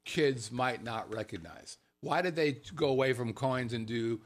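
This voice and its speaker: Male talk show host, lively swinging pitch, salty and animated, slips into voices for quotes. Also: measured pace. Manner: animated, swearing, acts out quotes in funny voices. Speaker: podcast host. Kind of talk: casual chat show talk. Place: Las Vegas.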